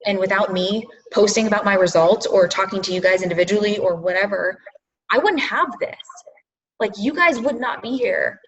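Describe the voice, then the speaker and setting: A woman's voice: medium pitch, brisk, recorded from a distance. An earnest woman talks to her team on a video call, repeating her points for emphasis. Her voice sits in a middle register. The audio is dull and lo-fi. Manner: earnest, filler-heavy, repeats herself for emphasis. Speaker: coach leading a team call. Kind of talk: casual motivational talk on a video call.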